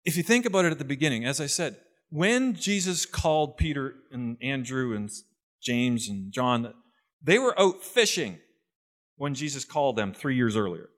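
A pastor giving an earnest, conversational sermon. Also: male voice, medium pitch, animated, normal speed, a bit bright.

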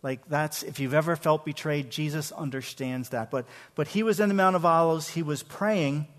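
A man's voice: on the high side, moderate pace. A man with a somewhat raised voice preaches a sermon in a church sanctuary. He keeps a conversational tone, often repeats the first word of a phrase, and asks his congregation questions. A long hall reverb trails behind every word. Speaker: pastor.

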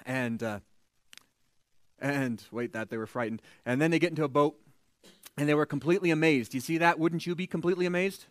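A man preaching a sermon, retelling a scripture story in a lively, conversational way and acting out the characters' voices. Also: fairly high pitch, a little fast, no echo.

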